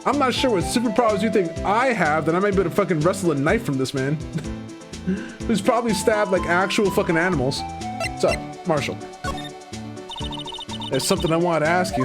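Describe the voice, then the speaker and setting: A lively, jokey streamer reading game dialogue and riffing on it, with a voice that swings widely in pitch. The talk is loose and animated, with game music steady behind it. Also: normal speed, long pauses. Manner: animated, jokey, swears often.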